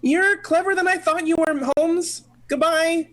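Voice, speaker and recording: A woman's voice: very high-pitched, a little slow, pitched above the performer's own voice. Defiant impostor villain, a woman putting him on. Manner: sneering, defiant. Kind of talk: amateur radio play acting.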